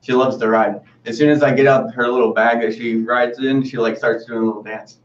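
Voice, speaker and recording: A man's voice: medium pitch, steady tone, fairly quick. A man being interviewed over a video call, upbeat and a little shy, laughing easily as he talks about his dogs. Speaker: interview guest. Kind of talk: casual interview. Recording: distant, dull, echoey call audio.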